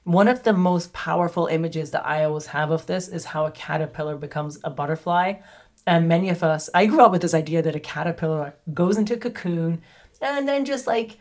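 A woman's voice: on the low side, a little fast, darkish tone. A woman hosting a podcast, telling a personal story in a candid, chatty way with plenty of asides. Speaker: podcast host.

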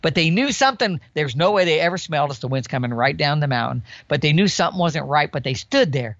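Man in his sixties, lively storyteller, podcast guest, dry dull lo-fi recording. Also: fairly high pitch, fast, gravelly, dry recording. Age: 60s. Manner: animated storyteller, imitates animal calls. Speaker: guest elk hunter.

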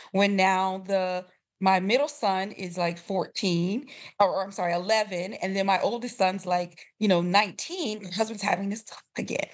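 Expressive woman in her fifties. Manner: expressive, rising to high emotional peaks with laughter. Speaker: grief coach, interview guest. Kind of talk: personal storytelling.

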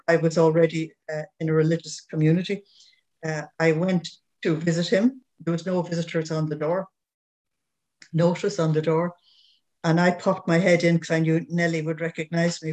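A woman's voice: on the low side, darkish tone. An older woman with an Irish accent telling a personal story as an interview guest, anecdotal, with frequent chuckles. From Ireland.

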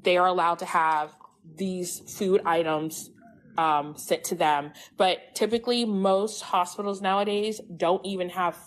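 A woman's voice: lowish voice, steady tone, unhurried. A young mother joining a casual chat over her phone, earnest and chatty as she explains from experience. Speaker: guest mother. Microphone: phone on a call.

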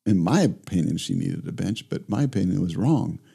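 A middle-aged man, a guest in a remote interview, telling stories in a lively conversational way and acting out both sides of his conversations. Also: sits low, a little fast, vocal fry, husky. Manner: animated storyteller who acts out both sides of conversations. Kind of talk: reflective conversational storytelling.

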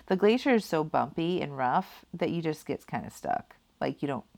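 A woman's voice: low voice, animated, normal speed, creaky, darkish tone. A woman casually telling a personal story, rambling with many fillers and laughing at herself. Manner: rambling, heavy use of "like" and "kinda".

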